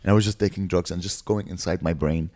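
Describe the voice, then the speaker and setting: A man's voice: low voice, steady tone, fast, darkish tone. A young man co-hosting a casual comedy podcast, rambling through stories and slipping into silly voices. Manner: rambling storytelling, slips into silly voices and laughs. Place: indoor podcast studio.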